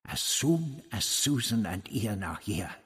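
A man voicing a haughty, self-assured elderly male time traveller who speaks in a measured, precise way in a storybook reading. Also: lowish voice, very animated, slightly rough, big-room sound, full character voice.

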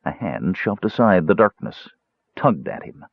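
A man narrates a fantasy audiobook in an expressive, dramatic reading with a fairly low, lively voice. The recording is dry and somewhat dull. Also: measured pace, creaky, no room sound. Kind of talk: scripted narration.

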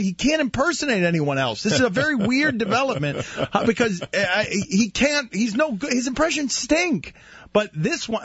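A man hosting a radio talk show, teasing his co-host with quick questions. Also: sits high, fairly bright tone, breathy edge, dry recording, lo-fi sound. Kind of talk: casual sports-radio banter.

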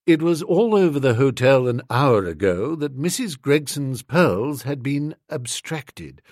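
A man's voice: on the high side, a little mellow, no room sound, clean studio sound. A man reading a comic first-person story aloud as an audiobook narrator. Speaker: audiobook reader.

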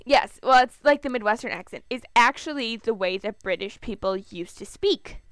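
Young woman, Minnesotan accent, rambling chat, smooth tone, dry close sound. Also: a little high, animated, moderate pace, fairly bright tone, no echo. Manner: chatty, rambling, giggly. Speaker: podcast co-host. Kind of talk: casual chat.

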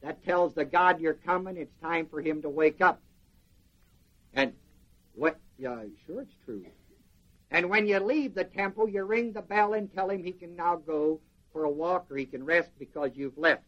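Male preacher, animated sermon, high lively voice, dull lo-fi recording. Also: moderate pace. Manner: animated, quizzing the congregation.

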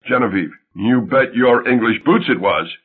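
A man voicing a sharp young wife who is leaving her husband, in an audiobook reading, with a husky voice and a tinny sound. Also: mid-range voice, moderate pace, lightly acted. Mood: scornful.

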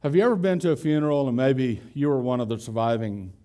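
Guy preaching a sermon, super expressive pitch, warm mellow voice, chatty and asks the crowd stuff. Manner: conversational, asks the congregation questions; slows down to stress key words. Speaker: pastor. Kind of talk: expository sermon.

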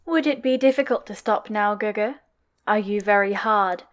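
A woman's voice: medium pitch, moderate pace, close to an everyday voice. A woman voicing a sly young man who teases in a pouty, mock-sweet way, in a podfic reading. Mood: teasing. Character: teasing, sly young man, playfully cruel.

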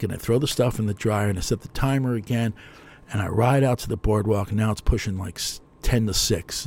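A man's voice: on the low side, gravelly, darkish tone, slight background noise. An older man with a New Jersey accent, telling a long, digressive story in a chatty, self-mocking way as a radio host. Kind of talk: rambling storytelling monologue.

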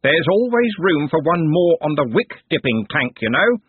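A man's voice: a little high, sing-song, normal speed, breathy edge, dry recording, voice pushed up. A man voicing a pompous, bossy old male candle keeper who barks orders. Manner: blustering, barking orders. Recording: tinny phone-like dry sound.

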